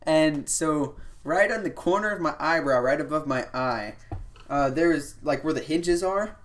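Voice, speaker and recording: A man's voice: a little high, a little slow, fairly bright tone. Young man rambling through a story. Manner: rambling anecdotes full of "like" and "you know". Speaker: podcast host. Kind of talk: casual storytelling chat.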